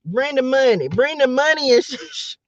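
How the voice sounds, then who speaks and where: A woman's voice: sits high, lively intonation, moderate pace, no room sound, muffled recording. A woman hosting a live tarot reading, chatting playfully with her viewers and laughing often. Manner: chatty, addresses viewers directly.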